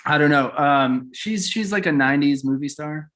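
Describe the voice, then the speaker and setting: A man's voice: fairly high pitch, a bit bright. A man hosting a podcast, asking questions in a playful, joking way. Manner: jokey, playful, quick to laugh. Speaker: podcast host. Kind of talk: casual chat.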